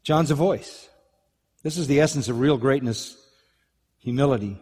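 A man's voice: medium pitch, normal speed, pauses often, a little mellow, breathy edge. A man preaching an expository sermon, earnest and emphatic, sometimes acting out the lines he quotes. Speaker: pastor. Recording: long reverb of a large hall.

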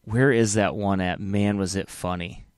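A man commenting on a preaching clip, mocking it, animated, often laughing. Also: on the low side, a little slow, clear, resonant tone, no echo, studio quality. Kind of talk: reaction commentary.

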